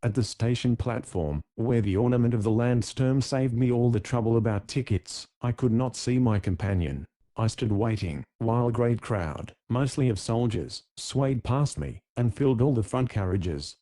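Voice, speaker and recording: A man narrating an audiobook in scripted style. His voice is mellow and relaxed. He keeps an even, measured pace through the story. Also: medium pitch.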